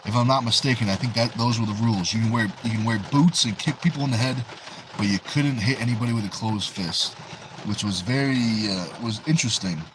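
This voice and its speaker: A man's voice: mid-range voice, brisk, noisy background. A man with a New England accent hosting a livestream, casually reading viewers' chat messages aloud and answering them. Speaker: livestream host.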